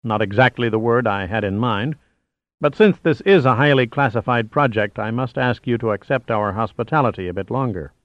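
A man voicing a terse, stony male commander who speaks quietly. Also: medium pitch, fairly quick, no echo, lo-fi sound, close to an everyday voice. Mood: steady.

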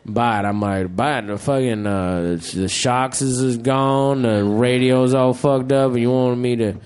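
A man voicing a deep-voiced, crude male stand-up comic who drawls and mumbles profanely. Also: measured pace, a little mellow, clear, resonant tone, lightly acted. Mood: weary grumbling.

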